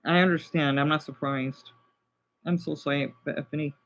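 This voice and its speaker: A man's voice: fairly high pitch, fairly even intonation, normal speed, a bit bright, lo-fi sound. A man livestreaming in casual chat, agitated and swearing as he talks to his viewers.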